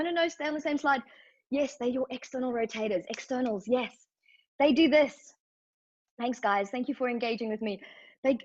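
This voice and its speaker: A woman's voice: on the high side, muffled recording. A woman teaching yoga anatomy in a live online workshop, upbeat and encouraging, asking questions of her class in the chat.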